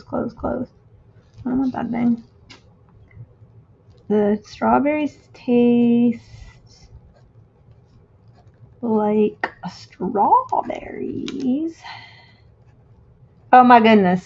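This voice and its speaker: A woman chatting casually as she crafts on a stream, thinking out loud and reading quotes slowly. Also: on the high side, lo-fi sound. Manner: thinks aloud, muttering to herself; reads quotes slowly and deliberately. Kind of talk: casual craft-along chat.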